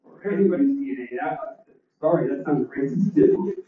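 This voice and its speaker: A man doing a deadpan stand-up set with one-liners and crowd chat, his voice a little crackly, on a small club stage. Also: a little high, a little fast. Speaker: stand-up comedian. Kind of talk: open mic stand-up set. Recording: roomy, distant, dull club recording.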